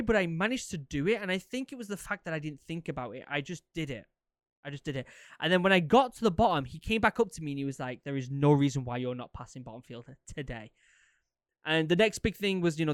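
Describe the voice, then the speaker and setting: Podcast host in his thirties, a rambling, animated storyteller with a smooth, clear voice. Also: fairly high pitch, no echo, clean studio sound. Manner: rambling, animated, lots of fillers and repeats. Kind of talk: casual storytelling, answering listener questions.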